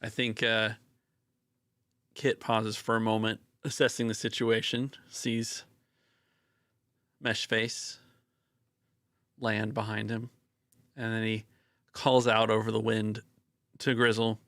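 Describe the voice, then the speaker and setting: A man playing a tabletop game, thinking aloud about his character's moves in a relaxed way. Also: lowish voice, slow, long pauses, no room sound, studio quality. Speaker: player. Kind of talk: casual tabletop play.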